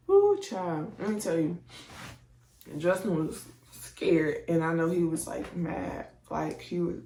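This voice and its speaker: A woman's voice: lowish voice, slow, pauses often, mellow, a little hiss or hum. A woman telling a personal story in a chatty, slangy way, acting out her own reactions. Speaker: vlogger telling a birth story. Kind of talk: casual storytelling. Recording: echoey room, distant from mic.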